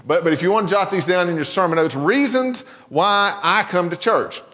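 A man's voice: high-pitched, animated, normal speed, pushed and bright, big-room sound. A man preaching a sermon in a church, talking in a conversational, folksy way and often restarting his words. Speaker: pastor. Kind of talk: sermon with a told joke. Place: church sanctuary.

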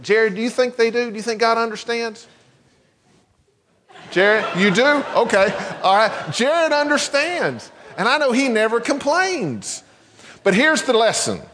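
A man's voice: fairly high pitch, fairly bright tone, in a large hall. A man giving a children's sermon in a church, playful and teasing as he coaxes the kids with questions. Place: church sanctuary.

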